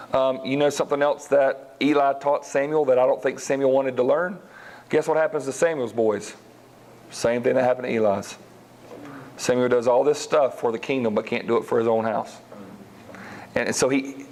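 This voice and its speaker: A man teaching a Bible study class, retelling stories in a lively way and speaking directly to the group. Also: a little high, low-quality recording. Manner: lively storytelling, acts out characters, talks to class directly.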